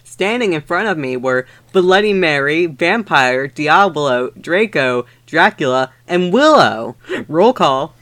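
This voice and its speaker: A man co-hosting a comedy podcast, reading a fanfic aloud in a deadpan way with crude asides. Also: fairly high pitch, takes it slowly, dry recording.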